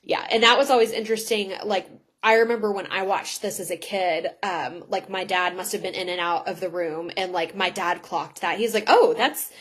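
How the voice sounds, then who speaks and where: A woman's voice: lowish voice, fairly even intonation, fairly bright tone, rough recording. Young woman chatting through a recap. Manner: quick chatty retelling full of "like" fillers. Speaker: podcast co-host. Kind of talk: casual episode recap.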